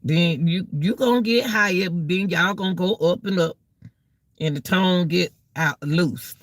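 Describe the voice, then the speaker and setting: A woman with a lowish voice speaks at a measured pace, without echo, outdoors in cold weather. Talking casually to her viewers, she gives relationship advice in a preachy, repetitive manner, drawling important words and saying "y'all" again and again.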